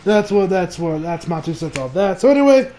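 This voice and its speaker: Young male reviewer, high and animated, laughs through his casual rants. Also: fairly quick, slight background noise. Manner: excitable, profane, laughs a lot. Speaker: anime reviewer. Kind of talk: casual chat. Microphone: new home mic.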